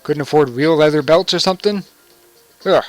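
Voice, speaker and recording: A man's voice: on the high side, moderate pace, no room sound, soft background music. A young man giving casual, joking commentary over a video game and laughing often. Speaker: let's play commentator.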